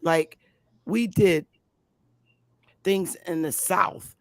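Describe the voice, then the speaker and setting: A woman from Connecticut hosting a casual conversation, talking in a slow, emphatic, outspoken way. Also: lowish voice, vocal fry, no room sound. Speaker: host.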